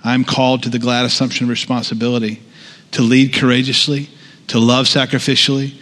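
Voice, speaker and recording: A man's voice: medium pitch, flat delivery, brisk, a bit bright. A man preaching a sermon in a conversational way, with asides and restarts. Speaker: pastor. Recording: long hall reverb.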